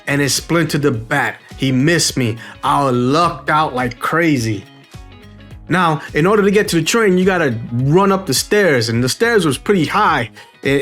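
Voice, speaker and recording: Middle-aged New York man, high-voiced, casual and animated storyteller who acts out the people in his story. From the Bronx, New York.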